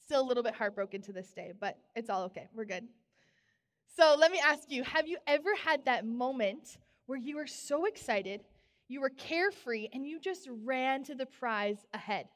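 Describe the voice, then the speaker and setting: A young woman preaching a sermon in a church, telling stories with bubbly, animated exclamations. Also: high voice, normal speed. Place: church sanctuary. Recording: long church reverb.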